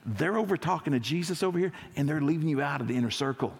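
A man voicing an eager, gossiping male disciple who confides excited news in a chatty way. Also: fairly high pitch, quick pace, big-room sound.

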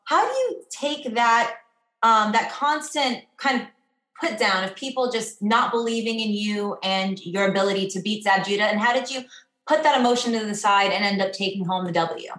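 A woman's voice: mid-range voice, normal speed. Chatty woman interviewer in an echoey room. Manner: chatty, expressive. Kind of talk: casual interview questions.

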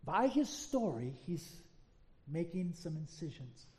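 A man preaching a sermon as pastor, telling a story in an animated way and asking the congregation rhetorical questions. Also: on the high side, slow.

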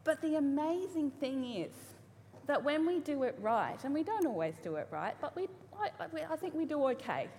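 A woman's voice: high-pitched, very animated, normal speed, darkish tone, slight background noise. A woman in her thirties giving a casual, humorous sermon to a church congregation, chatty, with frequent ums and restarts. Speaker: preacher. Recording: live church hall reverb, faint ambience.

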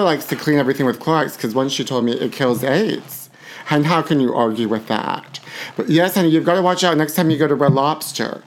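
A man in middle age hosts a podcast alone, rattling off celebrity gossip in a campy, sassy tone. He keeps calling his listeners honey, and his voice sits at an ordinary middle pitch. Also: brisk. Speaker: podcast host.

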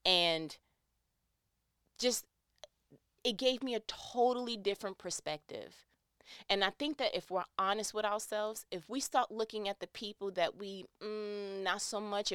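Woman vlogger, candid storyteller, smooth voice, dry close sound. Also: medium pitch, dry recording. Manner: candid, conversational, expressive storytelling. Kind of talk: personal reflective monologue.

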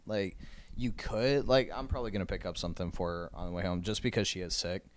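A man's voice: sits low, steady tone, fast. A young man co-hosting a podcast, chatting in a laid-back, agreeable way. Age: young adult. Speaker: podcast co-host. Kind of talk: casual chat.

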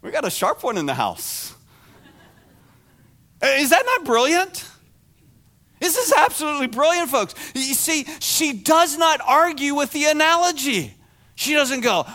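A male pastor delivers a sermon in a high, bright voice. He talks slowly and unhurriedly but with a lively, swooping pitch. He acts out the words of the people he preaches about.

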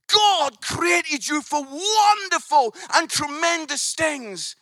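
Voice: high voice, creaky, pushed and bright, husky, dry recording, studio quality. A preacher telling a story in a sermon, swelling into emphatic outbursts.

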